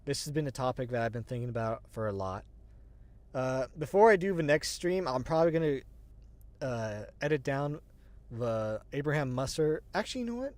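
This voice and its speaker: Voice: medium pitch, expressive, normal speed, darkish tone, no room sound. An agender streamer rambling in casual livestream chat. They swear casually, laugh often and make fun of themselves. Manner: self-deprecating, restarts sentences. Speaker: streamer, show host.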